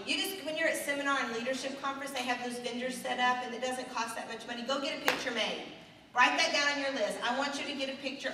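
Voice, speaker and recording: A middle-aged woman giving an earnest, animated motivational talk to an audience in a hotel meeting room. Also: sits high, a little hiss or hum. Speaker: sales director speaking at a seminar. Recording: echoey hall recorded from far off.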